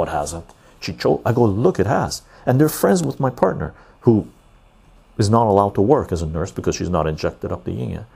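A man's voice: lowish voice, gravelly, warm tone, slightly rough. A man hosting a podcast, ranting casually and profanely to his live-stream chat and tagging "right?" onto his points. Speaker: podcast host.

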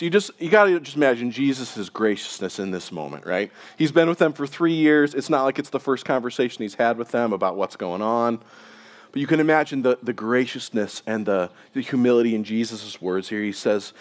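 A man's voice: mid-range voice, lively intonation, a little fast. A male pastor preaching a sermon at a church service in a casual, conversational manner, often checking in with his listeners. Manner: casual, conversational, with frequent tag questions.

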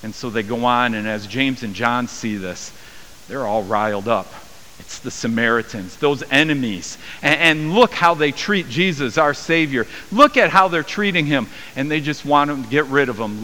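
A man preaching a sermon as a pastor, acting out the voices of the people in his story with rising pitch and volume. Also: lively intonation, moderate pace, sharp tone. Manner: acts out quoted voices with raised pitch and volume. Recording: long hall reverb with faint hiss.

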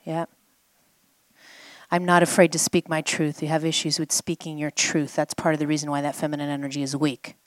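A woman's voice: deep voice, level tone, brisk, no room sound. A woman healing coach guiding a participant through an exercise at a live event, coaxing and repeating phrases for the listener to say back. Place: live event before a group.

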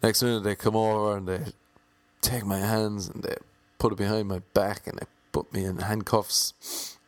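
A man's voice: fairly low pitch, moderate pace, dry recording. A man tells a story in a casual, comic way. He swears freely and mocks himself. The recording is close and dry, with no room sound. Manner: lively, acts out the voices in his story; swears casually, self-mocking.

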